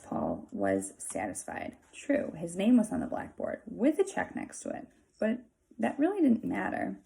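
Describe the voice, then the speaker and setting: A woman's voice: on the low side, vocal fry, dark tone. A woman reading a children's book aloud, stopping for casual, filler-heavy asides. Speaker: reader.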